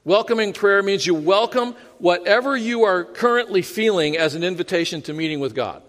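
Male pastor, sermon delivery; higher register, conversational, self-deprecating humor; reverberant sanctuary. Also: lively intonation, a little fast, fairly bright tone. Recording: long hall reverb.

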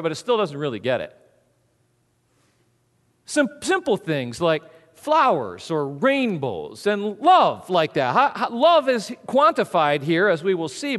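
A man preaching a sermon, animated and conversational, swinging from hushed asides to booming emphasis. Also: measured pace. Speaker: pastor. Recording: long hall reverb.

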